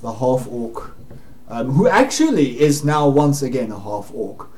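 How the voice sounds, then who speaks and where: A man running a tabletop game as dungeon master, his pitch swinging widely as he narrates. He stalls often with "um"s and breaks into laughter. A constant hiss of stream noise sits under the voice. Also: big pitch swings. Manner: laughing, halting narration with many "um"s. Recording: noisy home stream audio.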